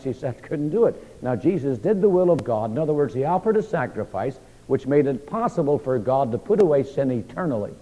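A man preaches a sermon in a slightly high voice, throwing questions at his listeners and repeating key words for emphasis. The recording is dull and muffled, with a long reverb from a large hall. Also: mellow. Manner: call-and-response questions, emphatic repetition.

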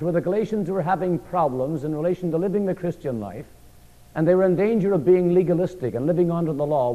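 A man teaches a Bible study in a sermon style. He asks his listeners questions, answers them himself, and drives key phrases home by repeating them with a falling finish. His voice is mellow and somewhat high, captured on a dull, lo-fi recording with a long hall echo.

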